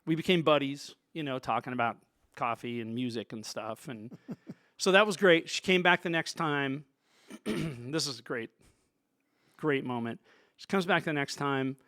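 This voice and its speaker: A man's voice: mid-range voice, unhurried, a bit bright, no room sound, clean studio sound. A man, a sound engineer, telling stories from his work in a loose, rambling way full of asides. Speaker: sound engineer, show guest. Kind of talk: storytelling in a conversation.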